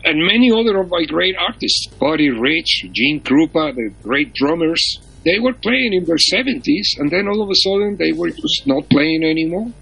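A man's voice: on the high side, lively intonation, moderate pace, creaky, hardly any pauses, bright, forceful tone, husky, poor audio. A man in his seventies, a veteran musician, telling stories as a chatty raconteur in an interview. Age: 70s. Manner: storytelling raconteur. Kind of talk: casual interview chat.

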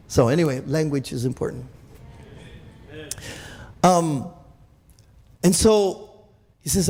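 A man's voice: fairly high pitch, lively intonation, takes it slowly, pauses often, mellow, in a large hall. A male pastor preaching a sermon in a church, talking animatedly with frequent restarts and calls of hallelujah and amen.

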